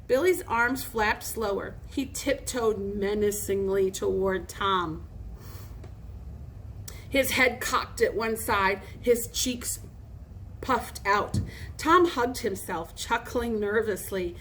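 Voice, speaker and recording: Expressive woman reading aloud. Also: fairly high pitch, takes it slowly. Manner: expressive, lively read-aloud. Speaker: storybook reader. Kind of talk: reading a children's novel aloud.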